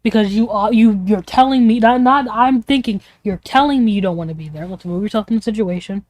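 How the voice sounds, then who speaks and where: A woman's voice: medium pitch, brisk, few pauses, a little mellow, no room sound. A young woman streamer venting in a casual, rambling way, emotional and swearing often.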